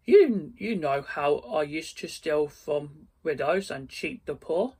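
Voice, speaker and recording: Storybook ghost: a grave old male spirit, as a man reads him, husky and solemn. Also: on the high side, lively intonation, slow pace, a little mellow, heavily acted.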